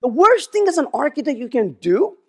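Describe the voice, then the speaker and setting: Animated male keynote speaker. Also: extremely high pitch, a little fast. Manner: animated, acts out dialogue in his stories. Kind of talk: conference keynote storytelling. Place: conference stage.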